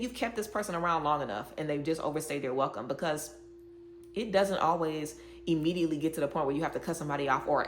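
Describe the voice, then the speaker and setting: A woman's voice: low voice, roomy sound, a little hiss or hum. A woman giving a tarot reading straight to her viewers, emphatic and preachy, repeating words for stress. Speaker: tarot reader. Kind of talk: direct-to-camera tarot reading.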